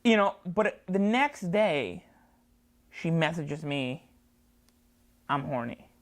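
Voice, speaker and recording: A slightly low-pitched woman spins a frantic anecdote in a studio, lurching between hushed asides and loud, high bursts as she plays every character in it. Her voice leaps up for quoted lines and sinks low when she describes her nerves. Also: animated, slow pace. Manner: jumpy, acts out both sides of dialogue with big swings. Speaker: comedian guest. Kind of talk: animated anecdote storytelling.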